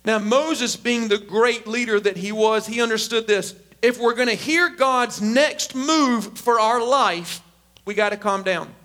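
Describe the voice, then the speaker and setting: A man preaching a sermon as a pastor, emphatic and animated. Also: high-pitched, measured pace. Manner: animated, emphatic, acts out quotes.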